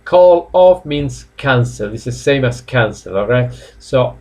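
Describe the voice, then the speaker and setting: A man teaching English in a live online class from home, chatty, repeating each phrase slowly. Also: mid-range voice, lively intonation, darkish tone.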